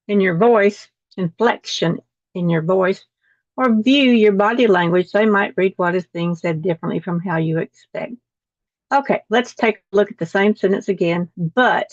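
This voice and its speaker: A woman's voice: mid-range voice, dry recording. Woman teacher reading lesson text to a video call class, dull and dry audio. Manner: reads text aloud, repeating words after slips.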